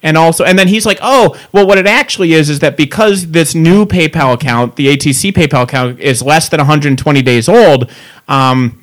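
His voice is on the high side and his pace fairly quick as he tells a long, furious story in a casual chat. The telling is animated, full of ranting and profanity, and the mic uses a pop filter.

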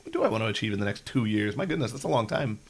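A man co-hosting a casual podcast, easygoing and quick to laugh. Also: fairly low pitch, very animated, breathy edge. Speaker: podcast co-host. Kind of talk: casual chat.

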